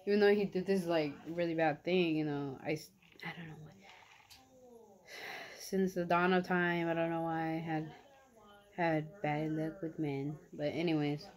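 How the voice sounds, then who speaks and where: A woman's voice: sits low, moderate pace. Chatty young woman telling a slangy story. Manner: chatty, slangy, animated retelling with lots of "like". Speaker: vlogger. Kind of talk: casual storytime while eating.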